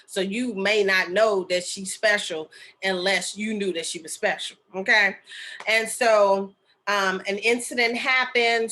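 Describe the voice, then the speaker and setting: A woman's voice: mid-range voice, pushed and bright. A middle-aged woman telling a personal story in a casual, chatty way, full of fillers and asides like "okay?" and "right?". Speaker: spiritual medium and healer sharing a story.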